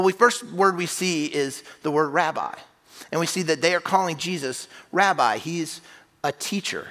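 A man preaching in a church, his voice bright and forceful and fairly high for a man. He talks in a conversational, emphatic way, often restarting a phrase. His words ring out with a long reverb around them. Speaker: pastor. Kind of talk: sermon. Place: church sanctuary.

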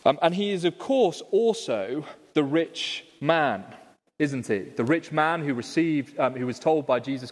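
A man's voice: fairly high pitch, expressive, a little slow, in a large hall. A man preaching a conversational sermon, explaining a passage and often asking the congregation rhetorical questions. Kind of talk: expository sermon. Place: church.

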